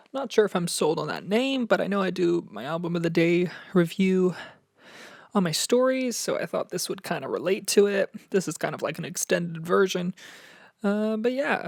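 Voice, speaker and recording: A man's voice: high voice, creaky, no room sound, clean studio sound. A young man hosting a casual solo music review podcast. He sounds a little nervous and out of breath, chatty, with many fillers and restarts. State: slightly out of breath. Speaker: podcast host.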